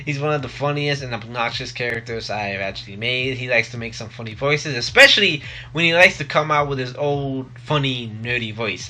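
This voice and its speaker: Rambling young man vlogging, bright tone. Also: mid-range voice, moderate pace. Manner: rambling, many fillers and restarts. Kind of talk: casual vlog talk. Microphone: close desk mic.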